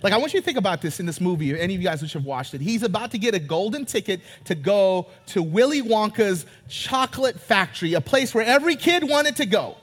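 A man preaching a sermon in a church, high-pitched and animated, joking with the congregation. His voice rings out with a long reverb from the big room around him. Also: fast, few pauses. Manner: animated, joking, retells scenes in character voices. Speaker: pastor. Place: church sanctuary.

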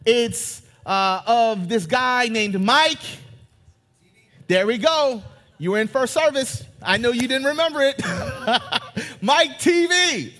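A man preaching a sermon in a church, high-pitched and animated, joking with the congregation. His voice rings out with a long reverb from the big room around him. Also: takes it slowly. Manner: animated, joking, retells scenes in character voices. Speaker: pastor. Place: church sanctuary.

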